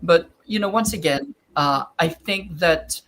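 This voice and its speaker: A man giving sardonic, measured political commentary as a panel guest, with frequent fillers. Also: a little high, fairly bright tone, a little hiss or hum.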